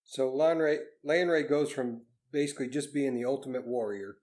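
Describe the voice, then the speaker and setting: A man's voice: medium pitch, normal speed, darkish tone. A man co-hosting a podcast, tentatively working through his ideas with frequent restarts. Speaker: podcast co-host. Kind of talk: casual podcast discussion.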